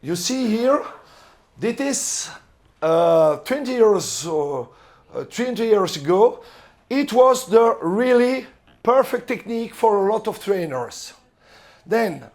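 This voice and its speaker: A middle-aged man with a French accent, a volleyball coach lecturing other coaches, halting and searching for words with many fillers. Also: high voice, lively intonation, darkish tone. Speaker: volleyball coach giving a seminar talk.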